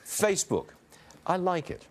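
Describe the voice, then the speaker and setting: Pushy, animated male talk show host. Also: high-pitched, unhurried. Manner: pushy, teasing questioning. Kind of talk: lively financial talk show.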